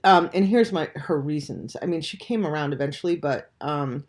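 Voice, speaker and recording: A vlogger in their forties, stuffed up and under the weather, talking softly to camera at home at dawn with many ums and restarts. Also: medium pitch, lively intonation, moderate pace. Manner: hesitant, full of ums and restarts. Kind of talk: casual talk to camera.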